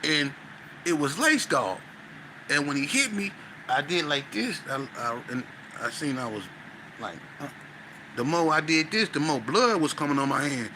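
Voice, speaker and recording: A man, a podcast guest, tells a story in a lively, slangy way and acts out scenes with sound effects. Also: fairly high pitch, normal speed, background noise. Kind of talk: animated storytelling.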